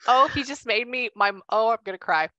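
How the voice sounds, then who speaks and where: A woman working as a medium, chatting casually and relaying messages in quick bursts, acting out what she is shown. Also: a little high, bright, forceful tone, no room sound, muffled recording. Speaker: psychic medium. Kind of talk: casual reading session.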